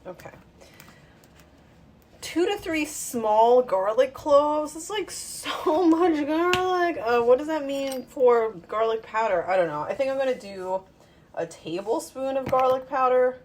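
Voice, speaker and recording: While cooking in her home kitchen, a woman talks to her phone, rambling, thinking aloud and poking fun at herself. Her high-pitched voice is animated yet unhurried, with slight background noise.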